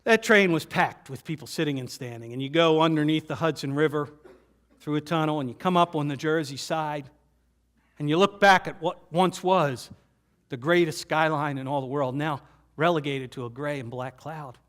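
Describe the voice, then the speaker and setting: A man speaking to a live audience, telling his story in short phrases broken by dramatic pauses. He repeats key lines and lets his voice fall quiet for emphasis. His voice sits fairly high for a man. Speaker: keynote presenter.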